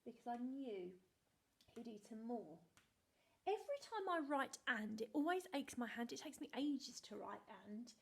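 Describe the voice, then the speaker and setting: A woman, a primary school teacher giving a remote video lesson to young children in a bright, sing-song, animated way, speaking slowly and clearly. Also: fairly high pitch.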